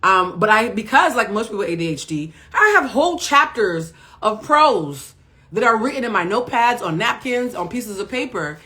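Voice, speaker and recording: A woman's voice: mid-range voice, animated, normal speed, sharp tone. A middle-aged woman coaching viewers on a live stream, blunt and profane, firing rhetorical questions like a preacher. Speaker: emotional intelligence coach.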